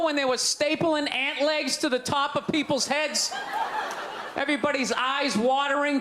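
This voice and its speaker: Speaking at a moderate pace with fairly even intonation, a middle-aged comedian with a very high voice and a Boston accent rants brashly and mocks the crowd. The set was recorded live in a club through a handheld stage mic, with audience noise audible.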